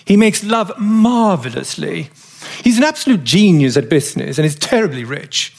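A man's voice: fairly high pitch, very animated, normal speed, vocal fry, pitched above the performer's own voice, exaggerated voice. A man voicing a flighty young English actress with a gushing, cooing manner.

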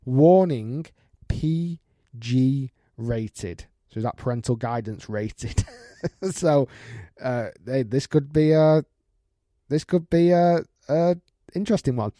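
Male podcast host, warm mellow tone, dry close sound, chatty and laughing while reading mail. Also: medium pitch, unhurried, long pauses, dry recording. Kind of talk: casual podcast monologue, reading listener email.

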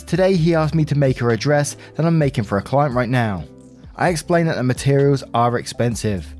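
A man's voice: mid-range voice, darkish tone. Man reading forum posts aloud, faint music. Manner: blunt, opinionated. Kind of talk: casual reading and commentary.

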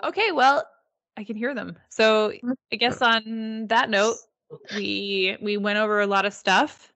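A woman's voice: mid-range voice, a little slow, no echo. Woman, podcast co-host, heated swearing rant, dry close sound. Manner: heated, swearing, animated ranting. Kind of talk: casual chat.

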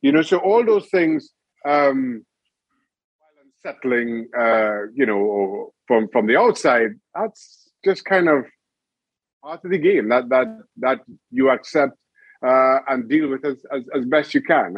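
A man's voice: medium pitch, breathy edge, dry recording, highs cut off. A middle-aged man, a former goalkeeper, chatting as a guest and telling stories with laughter. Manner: animated storyteller, laughs often. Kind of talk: casual interview chat.

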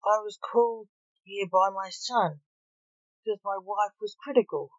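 Grim snappish otherworldly male coroner, voiced by a woman, grieving and vengeful, slow, lo-fi read. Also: mid-range voice, fairly even intonation, no echo, natural voice. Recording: dull lo-fi recording.

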